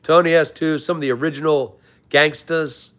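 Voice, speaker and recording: A man's voice: a little high, steady tone, moderate pace, fairly bright tone. A young man hosting a live stream, casually greeting chatters by name and calling them brother. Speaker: livestream host reading chat.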